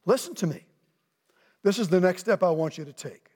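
High-voiced man preaching in a reverberant church. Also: fairly quick, husky. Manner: animated, acts out voices of people in the story. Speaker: pastor. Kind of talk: sermon. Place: church sanctuary. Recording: long reverb of a church hall.

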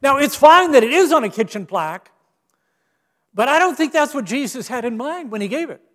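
A man's voice: very high-pitched, expressive, brisk, fairly bright tone, in a large hall. A man preaching as a guest speaker, joking about himself and restarting his phrases as he speaks. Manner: self-deprecating humor, frequent restarts. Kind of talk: sermon. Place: church sanctuary.

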